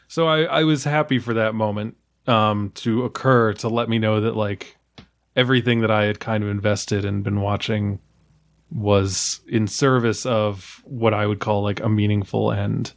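A man on a film podcast giving his relaxed take on a movie, full of "like" fillers. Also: lowish voice, normal speed. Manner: relaxed, filler-heavy with lots of "like". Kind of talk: casual film discussion.

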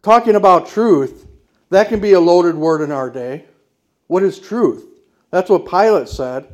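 A man's voice: high-pitched, expressive, a little slow, a little mellow, lo-fi sound. A man preaching a sermon as pastor, emphatic and declarative, putting rhetorical questions to the congregation.

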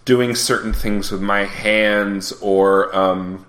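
A man's voice: on the low side, steady tone, slow pace, a bit bright, reverberant. A man hosting a podcast in casual chat, rambling and self-deprecating, often breaking into laughter. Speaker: podcast host.

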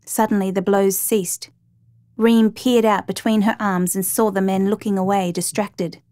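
A woman's voice: mid-range voice, little pitch movement, a little slow, mellow, no room sound. Woman narrating a true crime story.

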